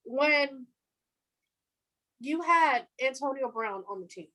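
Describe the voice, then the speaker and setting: A young woman in her twenties chats about football on a casual podcast. Her voice sits somewhat high, and she talks in a loose, animated way, laughing often. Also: slow, rough recording. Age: 20s. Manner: fan of the team, says "our defense". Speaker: podcast co-host. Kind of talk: casual sports chat.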